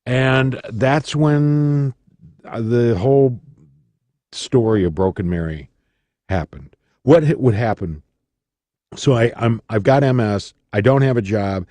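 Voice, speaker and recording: A man's voice: mid-range voice, takes it slowly, pauses often, dark tone, dry recording. A middle-aged man from Michigan, a radio personality speaking as a guest in a studio interview, telling his story dramatically and acting out the voices he quotes.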